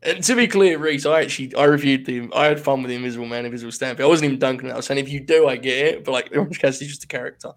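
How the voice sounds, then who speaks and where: A man's voice: medium pitch, racing, hardly any pauses. A man in the middle of his range co-hosts a podcast in loose, casual chat. He laughs a lot, swears freely and drifts into rambling asides as he talks. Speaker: podcast co-host.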